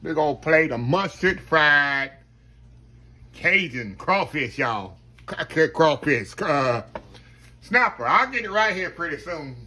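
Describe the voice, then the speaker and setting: A man hosting a casual home cooking video, folksy and chatty, talking to viewers as "y'all" and dropping to a low murmur while he tastes. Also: expressive, slow pace, bright, forceful tone. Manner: folksy, keeps saying "y'all". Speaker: cooking channel host.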